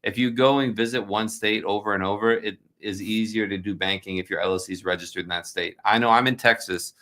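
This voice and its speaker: A man with a lowish voice hosts a loose, unscripted livestream Q&A. He rambles and jokes, scattering fillers as he answers viewer questions. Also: steady tone, a little fast, bright, forceful tone. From New Jersey. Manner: chatty, joking, rambling with fillers. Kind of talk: casual livestream Q&A.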